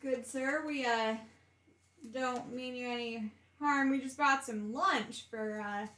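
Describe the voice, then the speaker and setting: A woman gives voice to a polite barbarian adventurer who speaks slowly and courteously, pausing over her words. Her voice sits a little high and carries the echo of a roomy space. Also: fairly even intonation, pushed and bright, slight background noise. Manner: hesitant, courteous, many fillers.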